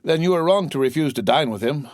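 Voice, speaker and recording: A man's voice: fairly high pitch, lively intonation, fast talker, dry recording, pitched above the performer's own voice, close to an everyday voice. A man voicing a greedy young male tailor with a broad Marseille accent, speaking in a hearty, fawning, insinuating way. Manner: grinning, overly hearty, insinuating.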